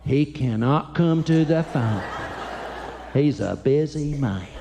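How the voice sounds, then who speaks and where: A man voicing a small boy who talks like the man of the house, slow, deliberate and deadpan. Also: medium pitch, gravelly, slight background noise. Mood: solemn. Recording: live hall with long reverb.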